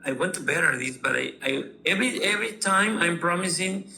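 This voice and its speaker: A man with a Peruvian Spanish accent speaks friendly, halting learner English on a video call. His voice is gravelly, bright and a little raised. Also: high voice, poor audio. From Peru. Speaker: student. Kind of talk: casual conversation.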